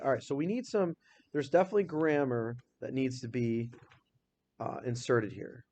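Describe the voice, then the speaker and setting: A male teacher leading a grammar lesson in a classroom, upbeat and energetic, firing questions at the class and reading example sentences out slowly. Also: medium pitch.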